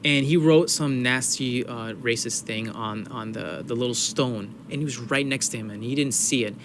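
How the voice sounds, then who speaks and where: A man's voice: mid-range voice, normal speed, noisy background. A man from New York hosting a casual podcast chat, telling a personal story with feeling and acting out the people in it. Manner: animated storytelling, acting out quoted voices; emotional, open, swearing casually.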